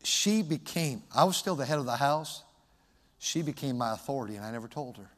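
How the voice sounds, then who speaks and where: A man preaching a sermon as a pastor, loud and emphatic, in a plain conversational way. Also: medium pitch, lively intonation, a little fast, in a large hall.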